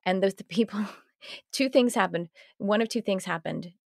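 A woman hosting a podcast, telling stories in a lively, laughing way with lots of restarts. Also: mid-range voice, moderate pace, creaky, no room sound, clean studio sound. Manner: animated storytelling, laughing often, self-interrupting restarts. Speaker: podcast host. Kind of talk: casual conversational interview.

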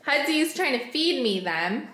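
A Southern California mother films a family vlog at home, cooing to her toddlers in a high, sing-song voice at normal speed with a slightly bright tone. The room is echoey, with clear background noise.

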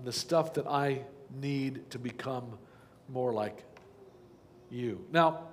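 A man's voice: a little high, long reverb tail. A man preaching a sermon as pastor, earnest and pleading, often asking the congregation questions. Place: church sanctuary.

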